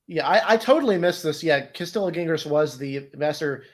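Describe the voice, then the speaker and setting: A man's voice: on the high side, animated, fairly quick. A man co-hosting an election stream, explaining facts in casual chat with many fillers and self-corrections.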